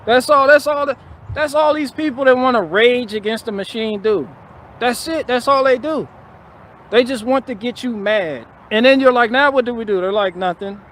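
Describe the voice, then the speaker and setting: A man with a notably high voice holds forth on a casual live stream. He talks bluntly and profanely, doubling back on his words as he builds his rant. A faint hiss of noise sits under the recording. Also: normal speed, fairly bright tone. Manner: repetitive, restarting phrases.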